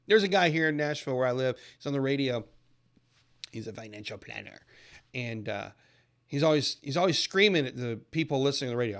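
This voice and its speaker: A man hosting a trading channel, giving an upbeat, persuasive recorded lesson that shifts into a sales pitch. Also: expressive, fairly quick. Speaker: trading educator and channel host. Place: lives in a southern US city.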